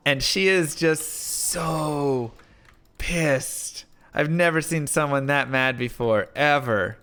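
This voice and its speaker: Bright-voiced male streamer telling a story. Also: a little high, takes it slowly, clean tone. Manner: rambling, filler-heavy, animated retelling. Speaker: live streamer. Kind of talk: casual storytelling while gaming.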